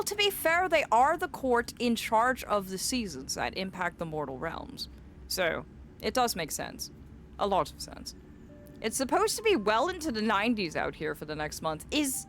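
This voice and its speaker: A woman streaming a game, chatting casually in an animated, rambling and playful way. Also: medium pitch, a little hiss or hum. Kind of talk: casual gameplay commentary.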